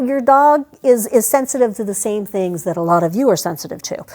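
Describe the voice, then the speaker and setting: A woman's voice: a little high, a little mellow. A woman training a service dog in a hands-on demonstration, explaining each step in a chatty, practical way and breaking off to give the dog short commands. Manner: talks to veterans directly.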